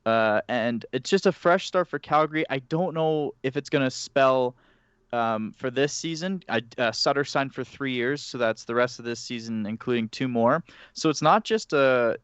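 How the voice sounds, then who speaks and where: A man co-hosting a casual podcast, telling stories in an animated way. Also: medium pitch, moderate pace, clear, resonant tone, no room sound. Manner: animated storytelling. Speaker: podcast co-host. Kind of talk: casual chat. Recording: muffled mic.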